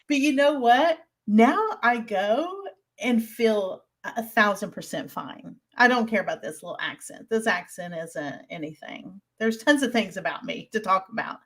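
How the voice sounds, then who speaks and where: A woman's voice: medium pitch, animated, normal speed, a bit bright. A woman with a Southern US accent co-hosting a podcast, chatting casually in a folksy way and laughing often. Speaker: podcast co-host. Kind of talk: casual chat.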